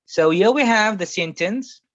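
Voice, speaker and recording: A man's voice: sits high, lively intonation, measured pace, fairly bright tone, no room sound. A man teaching a classroom Arabic grammar lesson, patiently explaining and repeating each example several times. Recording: muffled, slightly lo-fi sound.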